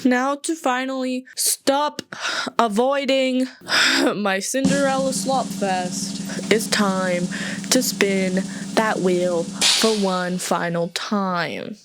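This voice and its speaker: A young woman reviewing movies in a comedy vlog, talking in an animated, sarcastic, giggly way from close to the mic. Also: mid-range voice, drawn-out words, over music.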